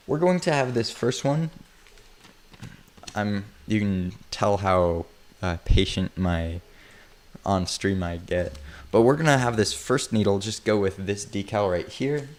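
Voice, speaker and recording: A man's voice: fairly low pitch, measured pace. A man casually chatting on a livestream while he works on a build, rambling and joking at his own expense. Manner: rambling, self-mocking, chuckles often.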